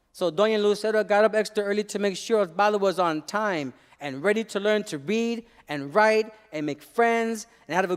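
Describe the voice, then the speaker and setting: Poet performing live: a man with a smooth, resonant voice, emphatic, mixing in Spanish, hall reverb around him. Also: high-pitched. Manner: emphatic storytelling, laced with Spanish phrases. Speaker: poet and former teacher. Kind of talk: spoken-word performance. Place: live arts venue.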